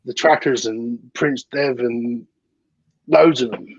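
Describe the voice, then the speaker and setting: A man's voice: mid-range voice, slow, no echo, lo-fi sound. A man from the UK with a British accent, chatting as a guest on a podcast and often repeating words as he starts his sentences. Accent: British English. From United Kingdom. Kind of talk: casual chat.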